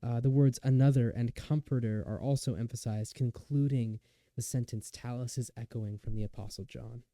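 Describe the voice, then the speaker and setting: A young man narrating a lecture recital in an earnest, measured way, with occasional restarts. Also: mid-range voice, fairly even intonation, dark tone, no room sound. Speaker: student lecturer.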